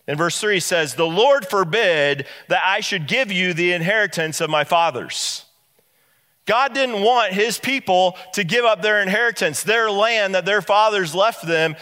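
A man preaching a sermon, retelling a Bible story in a lively way and acting out the characters. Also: high voice, big-room sound. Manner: animated storytelling, acts out the characters.

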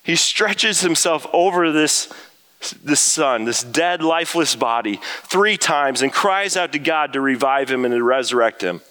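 A man preaching a sermon to his congregation, earnest and emphatic, climbing high when he voices prayers. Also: lively intonation, a little slow, bright, forceful tone. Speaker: pastor.

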